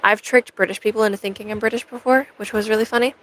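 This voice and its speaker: A woman's voice: medium pitch, fairly even intonation, fast talker, a little hiss or hum, rough recording. A young American woman live streaming, chatting in a rambling way to her viewers. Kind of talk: casual chat to a live stream audience.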